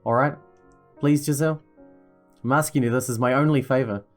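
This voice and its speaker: A man voicing a frail, kind young girl in a visual novel, speaking softly and gently. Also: mid-range voice, fairly even intonation, brisk, faint music behind, lightly acted. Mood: tender. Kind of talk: reading a visual novel aloud.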